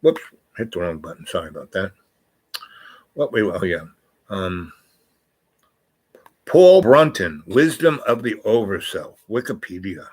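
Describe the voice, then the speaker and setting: Rambling older man with low voice. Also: very animated, unhurried, long pauses, a little mellow, husky, poor audio. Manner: meandering, self-correcting, reads aloud from screen. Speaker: channel host. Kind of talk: rambling casual monologue.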